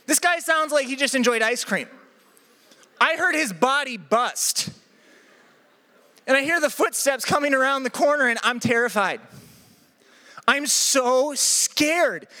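A man preaching a sermon, telling a comic personal story with lively energy. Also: very high voice, unhurried. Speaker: pastor. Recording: echoey hall.

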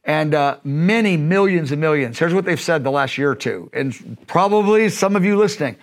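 A man's voice: a little fast, hardly any pauses. Earnest man preaching with rising fervor. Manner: earnest, voices God's words in quoted speech, rises in pitch for emphasis. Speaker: preacher in a conversation. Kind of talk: impassioned preaching in conversation.

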